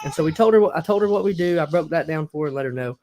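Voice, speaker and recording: A young man with a drawl hosts a casual talk show, and his voice sits a little high for a man. He rambles loosely from one story to the next and laughs easily as he talks. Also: lively intonation, rapid-fire, noisy background. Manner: laid-back, rambling, laughs often. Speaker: podcast host.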